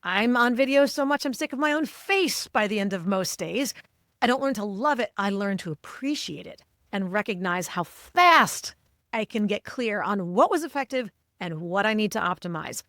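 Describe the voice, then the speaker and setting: A woman's voice: mid-range voice, animated, normal speed, a bit bright, no room sound, studio quality. A middle-aged woman speaking as an executive coach in a podcast interview, articulate and emphatic. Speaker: guest, cognitive linguist and executive coach.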